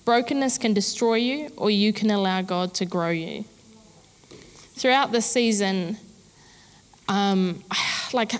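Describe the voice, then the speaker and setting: A woman's voice: mid-range voice, big-room sound. Candid woman pastor preaching. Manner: candid, chatty, self-deprecating humor. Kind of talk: sermon.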